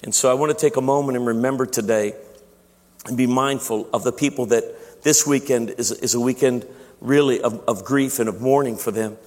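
A man's voice: medium pitch, normal speed, darkish tone. A man preaching a sermon as pastor, chatty and self-deprecating, often restarting his sentences. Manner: conversational, self-deprecating humor, frequent restarts. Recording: long echo of a large hall.

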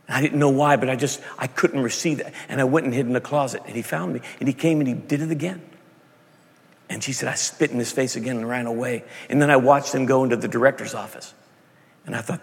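A man preaching a sermon, telling a story softly and then building to shouted, passionate peaks. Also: medium pitch, fairly quick, vocal fry. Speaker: pastor. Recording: long reverb of a large hall.

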